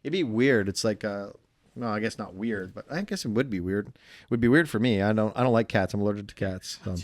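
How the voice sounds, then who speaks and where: A man's voice: lowish voice, fairly quick, dry recording. A man in his thirties, co-hosting a candid couple's podcast, teasing and arguing his side. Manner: teasing, argumentative, swearing. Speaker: podcast co-host.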